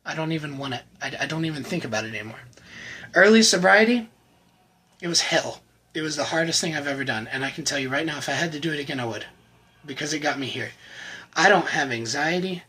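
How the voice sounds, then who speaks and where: A man giving an earnest, emotional personal faith testimony to the camera, often halting and repeating words. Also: a little high, animated, pushed and bright, breathy edge, rough recording. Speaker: channel host sharing his recovery testimony.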